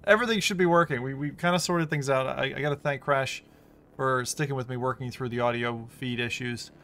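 A man streaming a VR racing game, talking casually, excitable and swearing freely. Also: medium pitch, fairly quick, a little hiss or hum. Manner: excitable, swearing, laughing a lot. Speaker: VR gaming streamer. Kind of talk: casual live-stream commentary.

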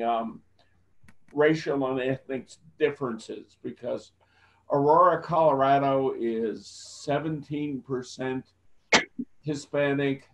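A man sharing in a forum over a video call, measured and halting. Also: mid-range voice, rough recording.

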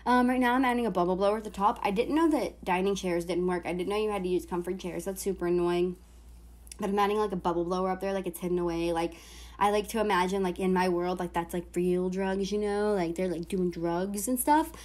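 A woman's voice: on the low side, steady tone, fairly quick, darkish tone. A young woman chatting casually over her gameplay as a vlogger, rambling with lots of filler words. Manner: chatty, rambling, heavy use of "like". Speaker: gaming YouTuber.

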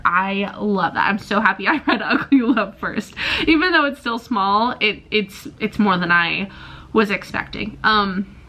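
A woman's voice: medium pitch, pushed and bright. A young woman vlogging about a book she is reading, emotional and gushing, sighing often. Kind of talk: casual reading vlog.

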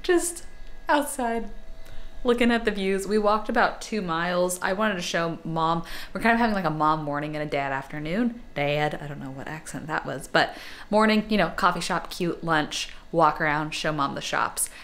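A woman's voice: on the low side, moderate pace, fairly bright tone. A young woman, chatting casually to camera in a vlog, upbeat and full of "like"s. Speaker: vlogger.

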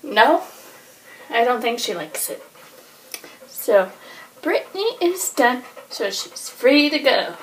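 High, lively woman cooing at dogs. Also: slow pace, long pauses, slight background noise, poor audio. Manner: sing-song baby talk aimed at dogs. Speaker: vlogger interviewing her pet dogs. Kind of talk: playful pet vlog. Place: home room with an ottoman.

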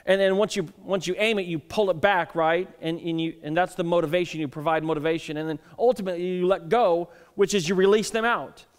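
A man's voice: high-pitched, fairly even intonation, fairly quick, few pauses, clean tone. A male pastor in his thirties giving a conversational sermon, telling family stories and often restarting his words. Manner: conversational, self-deprecating storytelling with frequent repeated starts. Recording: long reverb of a church hall.

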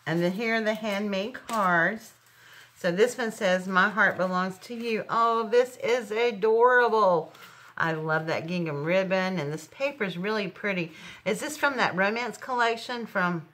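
A woman's voice: mid-range voice, fairly bright tone. A middle-aged woman chatting casually as she unboxes craft gifts, gushing over each item. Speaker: crafting channel host.

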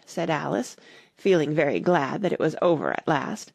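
A woman reading a classic storybook aloud in an expressive narration. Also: sits low, moderate pace, creaky, no room sound, clean studio sound. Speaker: audiobook narrator.

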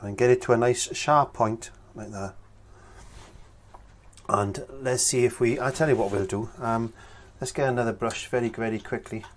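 A man's voice: mid-range voice, fairly even intonation, normal speed, a little hiss or hum. A man teaching a painting tutorial, chatting casually and thinking aloud as he works. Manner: chatty, thinks aloud with fillers while working. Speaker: painting instructor.

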